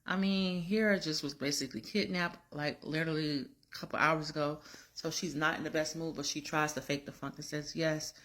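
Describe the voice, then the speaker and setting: A woman's voice: sits low, steady tone, fairly quick, a bit bright. Woman vlogger, casual recap, slangy, chatty, full of fillers.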